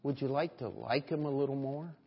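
This sermon comes from a male pastor who talks a little fast, with vocal fry and a breathy edge at a medium pitch. He presses the congregation with question after question in an earnest, rhetorical style, shifting from hushed to loud. Dull sound and long hall reverb color the recording.

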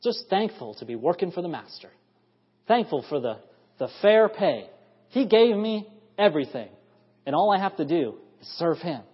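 A man in his thirties delivers an evening sermon in a fairly high, slightly husky voice. He talks earnestly and keeps climbing into emphatic runs of praise. The recording is dull and lo-fi, with the long reverb of a church hall. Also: sing-song, normal speed. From United States. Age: 30s. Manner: earnest, building to emphatic bursts with repeated praise. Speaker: preacher. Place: church sanctuary.

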